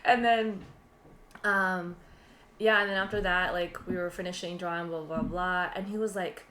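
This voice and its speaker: A woman's voice: on the low side, normal speed, slight background noise. A woman co-hosting a podcast, telling a rambling story full of fillers and laughter. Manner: rambling, animated retelling with frequent laughs and fillers. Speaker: podcast co-host. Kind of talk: casual storytelling chat. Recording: roomy echo.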